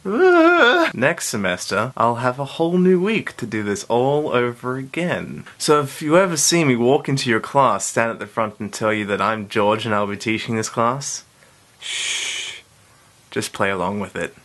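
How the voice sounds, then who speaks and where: A young man, a university student telling a story to his vlog camera in an animated, laughing way. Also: mid-range voice, normal speed, few pauses. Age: young adult. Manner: animated, laughing, acts out quoted voices.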